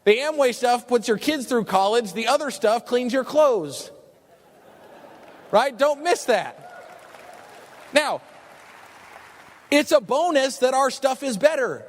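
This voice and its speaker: A man with a high-pitched voice tells a story to a crowd in an animated, chatty way, often checking in with "right?". His voice rings with the long reverb of a large hall. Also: slow, long pauses. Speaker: business opportunity speaker. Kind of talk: storytelling talk to an audience.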